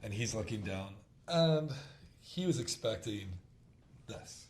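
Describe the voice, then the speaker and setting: A man in his thirties telling a hunting story in casual chat, acting out the quotes with quick laughs. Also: on the low side, lively intonation, a little mellow. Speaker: podcast host. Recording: roomy with faint background noise.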